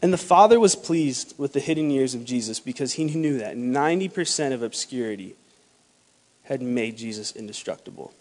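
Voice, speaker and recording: A young man preaching a sermon to a church, animated, acting out dialogue in lowered voices. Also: normal speed. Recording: long hall reverb.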